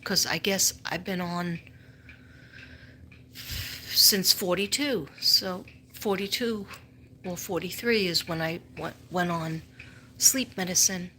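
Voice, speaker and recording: A middle-aged teacher with a strong Staten Island, New York accent hosts a casual live stream, telling stories packed with fillers and asides. Her voice is fairly low and fairly bright, with fairly even intonation and a measured pace, and there's slight background noise.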